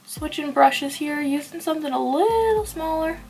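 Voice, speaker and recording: A young woman chatting casually through a makeup tutorial, playful and sometimes dropping to soft murmurs. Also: high-pitched, animated, normal speed, soft background music. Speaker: beauty vlogger.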